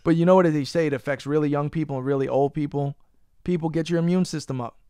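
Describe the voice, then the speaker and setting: A man's voice: a little high, steady tone, fast talker, mellow, clear, resonant tone, no echo, clean studio sound. Profane New man ranting on a podcast. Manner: profane, ranting, teasing his co-host. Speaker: podcast host. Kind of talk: casual podcast banter.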